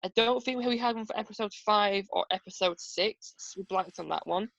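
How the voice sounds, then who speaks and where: Young woman briskly steering a review. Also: mid-range voice, vocal fry, fairly bright tone, no echo, highs cut off. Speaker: podcast host. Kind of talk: casual review chat.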